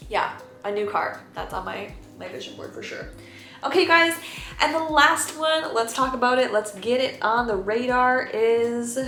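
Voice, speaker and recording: A woman's voice: medium pitch, fairly bright tone. A young woman vlogger talking to camera in a candid, rambling, confessional way. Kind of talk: casual chat to camera. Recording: roomy echo, faint music behind.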